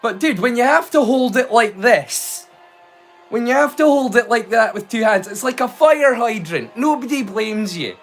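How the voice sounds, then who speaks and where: A Scottish man with a notably high voice hosts a casual livestream, wandering off into playful rhymes and daft jokes as he talks. Music plays faintly underneath him. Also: animated, moderate pace. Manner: playful and rambling, slipping into silly rhymes and jokes. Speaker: host of a live watch-along stream.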